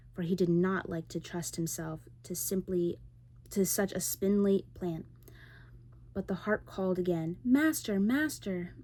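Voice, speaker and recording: A woman reads a fairy tale in a soft, whispered role-play bedtime voice. Her tone is low, mellow and breathy. She sits close to the microphone. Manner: soft, slow bedtime reading. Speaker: ASMR storyteller. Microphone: close ASMR microphone.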